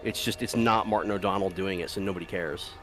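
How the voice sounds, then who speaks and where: A man's voice: low-pitched, fairly even intonation, quick pace, over music. A man chatting casually while playing a game, rambling through stories with swearing and laughter. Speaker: gameplay commentator. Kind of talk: casual gameplay chat.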